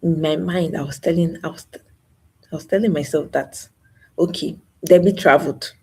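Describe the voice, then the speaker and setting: A woman's voice: low-pitched, steady tone, moderate pace, darkish tone, slightly rough. A young woman hosting a live stream, talking about loss in a grieving way, sighing and repeating herself. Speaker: channel host. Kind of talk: emotional live stream talk.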